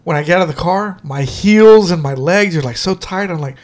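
A man's voice: high voice, brisk, darkish tone. A man co-hosting a podcast, chatting casually, rambling with restarts, swearing and joking about himself. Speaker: podcast co-host. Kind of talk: casual chat.

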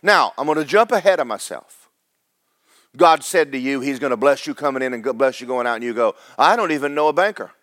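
A man's voice: mid-range voice, brisk, fairly bright tone, no room sound, clean studio sound. A man preaching a sermon, folksy and storytelling, acting out the characters. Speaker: pastor.

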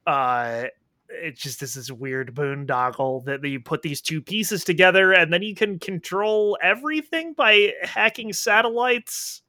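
Podcast co-host, man, bright and lively delivery, dry close sound, swears freely while riffing on a film. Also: high voice, unhurried, no echo. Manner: animated, profane, acts out reactions. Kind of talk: casual movie review chat. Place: indoors at home, rain outside.

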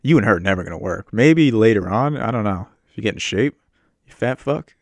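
A man's voice: lowish voice, expressive, brisk, darkish tone, no room sound. Crude, rambling man, dry close sound. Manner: rambling, crude, self-mocking. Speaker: podcast host. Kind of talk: casual profane movie rant. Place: home setup while on a muted work meeting.

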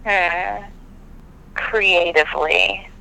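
Very bright, high-voiced animated man. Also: extremely slow, vocal fry, clear, resonant tone, rough recording. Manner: animated, dramatic storyteller. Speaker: podcast guest. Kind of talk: casual chat.

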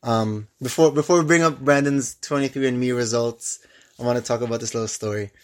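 A young man co-hosting a podcast, telling a travel story in casual chat, with lively bursts and frequent restarts. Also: mid-range voice, brisk. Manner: animated storyteller with many restarts. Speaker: podcast co-host.

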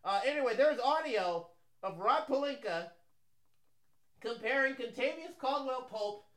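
Excitable high-voiced man in an echoey room. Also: a little slow. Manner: excitable, bursts into loud exclamations. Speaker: podcast co-host. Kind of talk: comedic casual chat.

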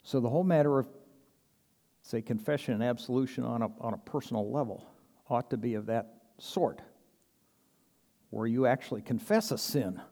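Speaking at a normal speed with long pauses, this man has a warm, medium-pitched voice that echoes through a large space. He is a pastor delivering a sermon earnestly and conversationally, playing out small quoted exchanges and laughing lightly from time to time.

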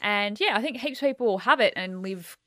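A woman's voice: medium pitch, animated, fairly quick, sharp tone, dry recording, clean studio sound. A woman co-hosting a podcast, telling a true crime story in a chatty, casual way.

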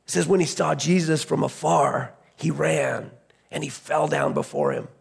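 A man's voice: on the high side, lively intonation, moderate pace, gravelly, slightly rough. A man preaching a sermon as pastor, retelling a scripture story in a conversational way, often restarting his phrases.

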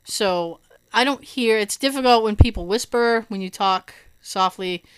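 Woman, casual chat, animated storytelling, smooth clear voice. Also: mid-range voice, a little slow. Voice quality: hearing loss in right ear. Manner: animated, laughing storyteller who acts out quotes.

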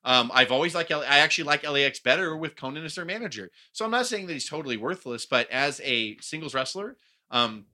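Fast-talking, bright-voiced ranting man. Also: fairly high pitch, expressive. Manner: ranting, profane, blunt opinions. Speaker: podcast co-host. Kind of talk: casual wrestling podcast chat.

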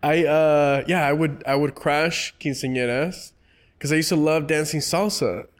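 A man with a fairly high voice hosts a casual interview. He is easygoing and jokey, and he often stumbles and restarts his sentences. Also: steady tone, unhurried. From Los Angeles, United States. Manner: easygoing, joking, stammers on restarts.

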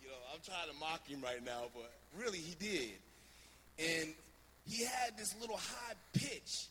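A man from New Jersey preaching a sermon, telling a story in a lively, anecdotal way with many fillers. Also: on the high side, a little slow, long reverb tail, slight background noise. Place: church sanctuary.

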